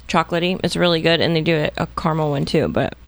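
A woman's voice: low-pitched, fairly even intonation, quick pace. A young woman co-hosting a podcast, chatting casually in a playful, teasing way. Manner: playful, laughs while talking. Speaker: podcast co-host. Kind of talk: casual chat.

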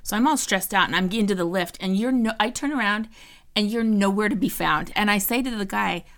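A woman basketball broadcaster in casual chat, telling stories in an animated way. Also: medium pitch, a little fast.

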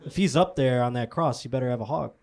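A young man riffing with crude, deadpan stories in casual comedic banter. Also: mid-range voice, fast talker, creaky. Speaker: comedian co-host.

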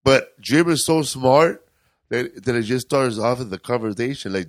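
A man's voice: mid-range voice, normal speed, no room sound. A man co-hosting a podcast, chatting loosely and rambling, with casual swearing. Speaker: podcast co-host. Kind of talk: casual chat.

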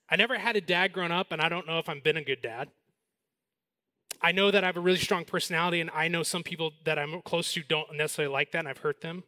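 A man in his forties preaching a sermon as pastor, with animated storytelling that slows and softens for the message. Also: a little high, dry recording, clean studio sound.

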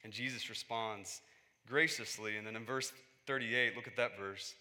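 A man's voice: on the low side, fairly even intonation, moderate pace, pushed and bright, big-room sound. A man preaching a conversational sermon as a pastor, acting out quoted voices and building to emphatic peaks.

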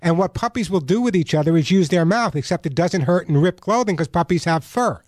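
A man's voice: high-pitched, expressive, brisk, darkish tone, dry recording. A man hosting a call-in pet radio show, giving emphatic, coaching advice to callers as a dog trainer. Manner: emphatic, coaching, repeats key points.

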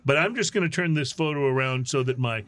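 A man's voice: mid-range voice, fast, a bit bright, no echo. A man hosting a casual podcast, reading a funny news story in a mock-newscaster way and laughing often. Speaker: host.

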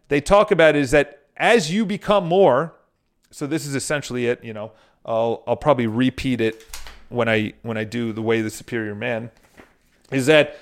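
A man with a somewhat high voice talks straight to his viewers in a casual motivational monologue. He tells stories loosely, restarting often and dropping in the odd swear word. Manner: addresses viewers directly. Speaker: motivational speaker.

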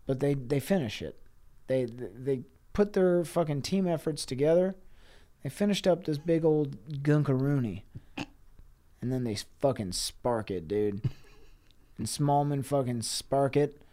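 A man's voice: mid-range voice, unhurried, warm tone. A man co-hosting a podcast, telling an improvised comic story in a rambling, profane way with laughs between phrases. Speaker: podcast co-host.

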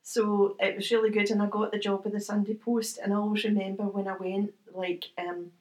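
A middle-aged Scottish woman chats through her stories in a relaxed interview. She is a medium by trade. She tells her tales with energy, often putting on the voices of the people in them and breaking into laughter. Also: mid-range voice, a little fast. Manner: chatty, animated anecdotes with quoted voices and laughter. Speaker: guest, medium. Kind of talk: casual interview storytelling.

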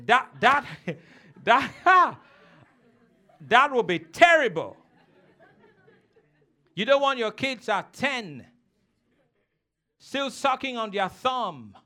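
Man, pastor, very high voice, emphatic call-and-response sermon. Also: sing-song, extremely slow, long pauses, sharp tone. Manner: teasing, laughs with congregation.

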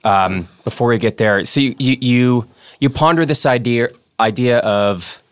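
A man hosting a podcast, asking relaxed, probing questions in casual conversation. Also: medium pitch, moderate pace, clean tone, no echo. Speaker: podcast host.

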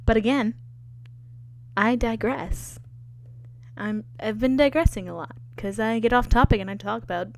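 A woman's voice: mid-range voice, gravelly. A young woman hosting her own podcast, rambling chattily and poking fun at herself with lots of fillers. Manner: chatty, self-deprecating, digressive, heavy on fillers. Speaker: podcast host. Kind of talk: rambling solo podcast chat.

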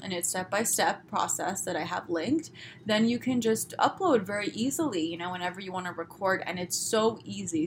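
A woman from Los Angeles with a Southern California accent, hosting her own podcast in a chatty, upbeat solo talk. She talks fast and pronounces her words crisply. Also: mid-range voice, slight background noise. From Los Angeles, USA. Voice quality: fast-talking, crisp pronunciation. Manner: chatty, upbeat, many fillers. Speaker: podcast host. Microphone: podcast microphone.

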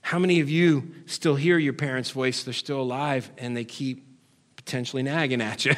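A man preaching a sermon, firing rhetorical questions at the congregation and swinging from loud calls to quiet, low asides, now and then putting on nagging family voices for laughs. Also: steady tone, normal speed. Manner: puts on nagging family voices for comic effect. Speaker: pastor.

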